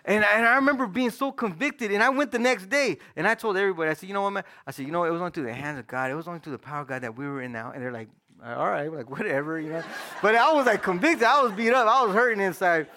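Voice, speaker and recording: High, bright-voiced preacher man telling his story. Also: very fast. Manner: casual storytelling with slang, lively swings from loud to hushed. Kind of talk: sermon testimony.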